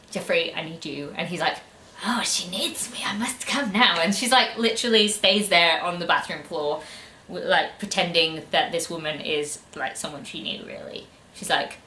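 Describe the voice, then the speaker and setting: A woman's voice: low voice, pushed and bright, a little hiss or hum. A woman ranting sarcastically about a book in a casual review, full of fillers. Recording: echoey room.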